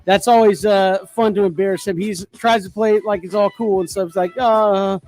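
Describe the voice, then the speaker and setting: A man's voice: sits high, steady tone, brisk, darkish tone. A man co-hosting a radio show, talking wryly and easily about his sons in casual chat. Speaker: radio co-host.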